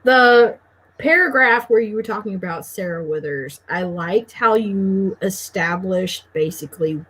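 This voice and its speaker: A woman co-hosts a book chat, giving thoughtful, measured feedback. She talks slowly, with a husky, slightly breathy voice at a middle pitch. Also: fairly bright tone, rough recording. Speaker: co-host. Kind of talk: casual chat.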